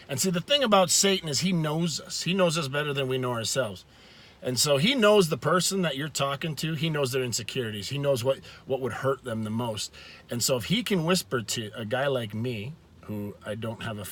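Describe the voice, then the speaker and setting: A man talking earnestly to his viewers in a casual faith talk, with frequent restarts and slow, stressed words. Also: medium pitch, fairly bright tone. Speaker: video host.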